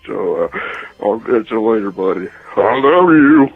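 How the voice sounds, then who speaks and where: A man leaving a halting voicemail, his voice gravelly and husky and his words stalled by constant filler sounds. It comes through a tinny, narrow phone line with a faint bit of music underneath. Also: on the low side, expressive. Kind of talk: voicemail message.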